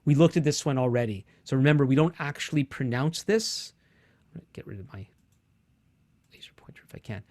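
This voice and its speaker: A man's voice: medium pitch, animated, brisk, a little mellow, no echo. Man teaching a Bible class, dry sound. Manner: explanatory, patient, with frequent restarts. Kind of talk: online lecture with screen share.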